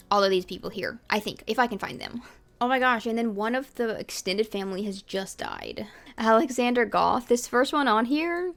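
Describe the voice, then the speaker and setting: Young woman chatting thru her sims game, slightly high voice, lots of ums and little laughs. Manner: chatty, thinks aloud with fillers and soft laughs. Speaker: gameplay commentator. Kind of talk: casual let's-play commentary.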